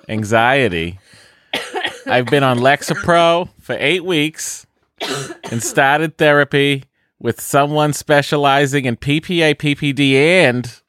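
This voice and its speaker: A man's voice: medium pitch, a bit bright, no room sound, clean studio sound, pitched above the performer's own voice. A man putting on a Boston accent to voice a chatty new mother in her thirties, reading her letter aloud for comic effect. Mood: earnest. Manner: exaggerated accent, breathless listener-letter reading.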